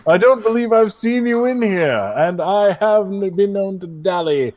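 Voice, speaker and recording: A man playing a pompous orc gentleman, Gothmog. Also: high-pitched, voice pushed up. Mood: flirtatious. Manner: posh, drawling and snobbish. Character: fussy, pompous male orc gentleman with monocle.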